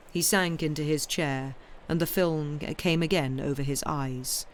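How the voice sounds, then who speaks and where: A woman reading a classic short story aloud in a clear, measured storytelling manner on a live stream. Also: low-pitched, level tone, slight background noise. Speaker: story reader.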